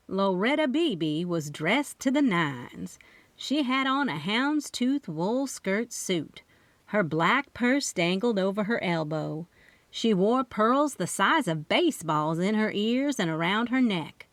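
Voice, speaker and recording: A woman reading a first-person mystery audiobook with expressive, lively narration. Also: medium pitch, a little slow, no room sound.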